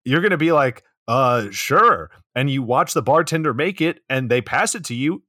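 Co-hosting a podcast, a man recaps a movie with crude, sarcastic comedy. His voice is a little high and fairly bright, he talks fairly quickly, and the sound is clean studio audio with no room noise.

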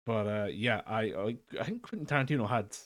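Over a remote call mic, a podcast co-host chats casually in a lowish, fairly quick voice. He rambles, using frequent fillers and laughing often.

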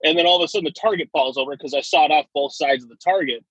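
A young man with a bright, slightly husky voice tells his army stories as a guest in a casual chat. He laughs often as he goes. The recording sounds dull and dry. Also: on the high side, rapid-fire, no echo.

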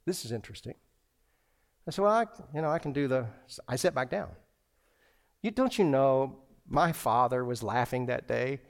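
A man's voice: mid-range voice, animated, normal speed. A man preaching a sermon as a pastor, telling a personal story with lots of restarts and acted-out dialogue.

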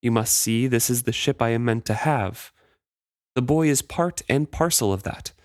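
A man's voice: mid-range voice, normal speed, dry recording, clean studio sound, lightly acted. A man reading the lines of a proud, cruel male pirate captain in a book discussion podcast, with little change from his own voice.

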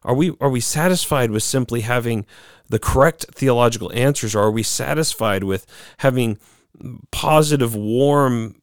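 A man preaching a sermon, earnest and lively, acting out quoted voices in the story he tells. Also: medium pitch, moderate pace, dry recording, studio quality.

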